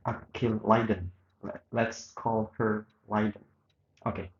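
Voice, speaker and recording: A man reads a radio interview aloud as a student reenactment, covering both host and guest with small slips and restarts. His mid-range voice is animated but a little slow. The audio is reverberant and dull, with a little hiss or hum.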